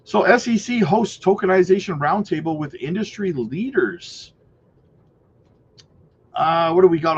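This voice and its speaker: A man's voice: sits high, lively intonation, a little slow, long pauses, lo-fi sound, slight background noise. Chatty man hosting a crypto stream. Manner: chatty, rambling, answers viewer questions. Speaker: crypto channel host. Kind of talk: casual livestream chat and news reading.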